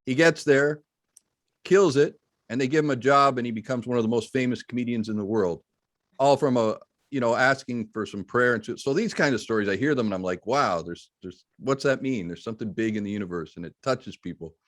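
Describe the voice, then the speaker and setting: A man hosting an interview, telling a long anecdote with lively quoted speech. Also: medium pitch, a little fast, no room sound, clean studio sound. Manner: animated storyteller, voices quotes. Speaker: host. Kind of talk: interview storytelling.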